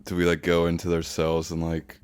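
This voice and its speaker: A man's voice: deep voice, completely flat delivery, brisk, clear, resonant tone. A man hosting a podcast, chatting casually with dry, laid-back banter. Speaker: podcast host. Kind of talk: casual chat.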